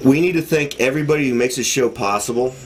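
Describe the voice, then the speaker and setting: A man's voice: medium pitch, fast, background noise. A man hosting a casual live show, joking and teasing his co-host while moving things along.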